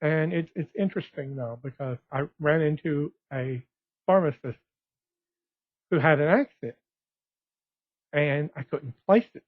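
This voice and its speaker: A man with a slightly high, husky voice rambles from one thought to the next, circling back and restarting as he goes. The recording is tinny and phone-like and sounds dry, with no room around him. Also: measured pace, pauses often, no echo. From West Texas. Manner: rambling, digressive, restarts often. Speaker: blogger. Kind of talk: casual monologue.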